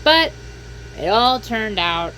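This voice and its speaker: A woman's voice: fairly high pitch, sing-song, slow, sharp tone, a little hiss or hum, low-quality recording. A woman narrating her boat refit in a chatty, upbeat voice-over.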